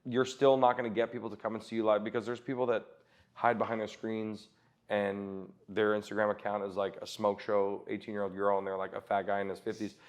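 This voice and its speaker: A swearing, storytelling comedian. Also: male voice, lowish voice, little pitch movement. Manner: swearing, quick storytelling with acted-out quotes. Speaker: comedian guest. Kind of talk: casual podcast chat.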